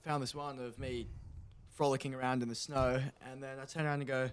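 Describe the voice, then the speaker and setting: A man's voice: mid-range voice, flat delivery, a little fast, a little hiss or hum. A man guesting on a podcast, talking in a nervous, self-deprecating and laughing way. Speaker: guest surfer. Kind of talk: casual interview chat.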